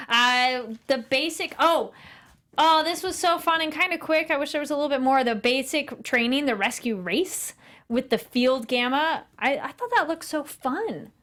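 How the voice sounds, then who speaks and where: Woman cohost gushing about anime episodes, a bit high voice, acts out the quotes. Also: unhurried. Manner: chatty, animated, acts out quotes. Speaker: host. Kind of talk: casual chat reviewing anime.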